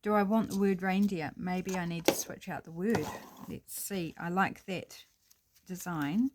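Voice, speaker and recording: In this casual crafting narration, a middle-aged woman with a New Zealand accent and a fairly low voice speaks a little slowly, with background noise behind her. A crafting vlogger, she muses aloud to viewers in a relaxed, home-video manner as she works.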